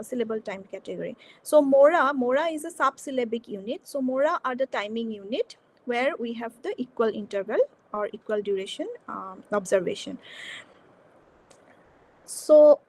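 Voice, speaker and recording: A woman lecturing at a workshop, explaining slowly with frequent fillers and restarted phrases. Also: high voice, poor audio. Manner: hesitant, repeats words and restarts often. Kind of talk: academic lecture.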